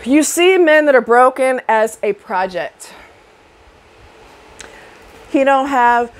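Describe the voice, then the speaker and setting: A woman's voice: high voice, expressive, slow, pauses often. A woman giving blunt relationship advice to the camera, sassy and profane, mimicking other people's voices as she talks.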